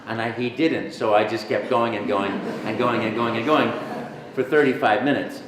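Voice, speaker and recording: Animated male storyteller in an echoey hall. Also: a little high, normal speed, slight background noise. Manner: animated, jokey storyteller, breaks into voices. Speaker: voice actor, interview guest. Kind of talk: casual storytelling interview. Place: convention venue.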